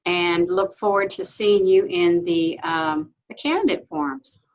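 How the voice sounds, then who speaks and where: A woman interviewing a candidate, asking friendly, halting questions with many fillers. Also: fairly low pitch. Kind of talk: casual interview. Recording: muffled recording.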